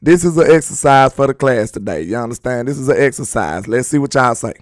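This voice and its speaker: A man hosting a casual sports talk stream, slangy and emphatic, speaking straight to his viewers, his voice a bit hoarse. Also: medium pitch, animated, a little fast, no room sound. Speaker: sports talk livestream host. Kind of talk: casual sports commentary, reading chat.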